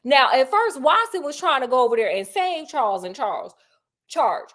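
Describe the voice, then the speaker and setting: A woman storyteller retelling a classic mystery in an animated, slangy way, asking her listeners questions. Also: sits high, a little fast.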